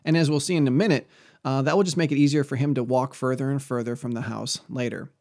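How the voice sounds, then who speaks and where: A man's voice: mid-range voice, fairly even intonation, fast talker, darkish tone. A man giving an earnest, conversational Christian teaching on parenting, often quoting scripture. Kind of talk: earnest religious teaching talk.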